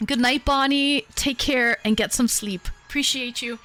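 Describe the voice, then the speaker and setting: A woman with a high, steady, sharp-toned voice hosts a livestream call-in at normal speed. As a streamer host, she's bubbly and chatty, filling her casual livestream talk with lots of fillers.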